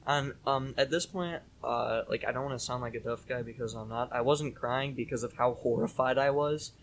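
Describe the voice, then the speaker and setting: A young man co-hosting a casual podcast, telling a story in a rambling, animated way with lots of fillers. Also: medium pitch, moderate pace, a little hiss or hum. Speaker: podcast co-host.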